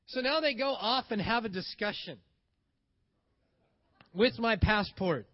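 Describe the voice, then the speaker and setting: A man with a fairly high voice tells a story casually and with energy. He acts out other people's lines as he goes. The recording is a bit dull and lo-fi. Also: expressive, unhurried, pauses often. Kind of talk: casual spoken anecdote.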